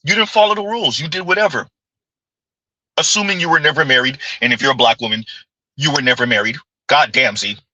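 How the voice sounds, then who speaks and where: A man's voice: mid-range voice, fast, pushed and bright, dry recording, low-quality recording. A man hosting a reaction commentary, brash and teasing, with punchy asides. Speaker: commentary host.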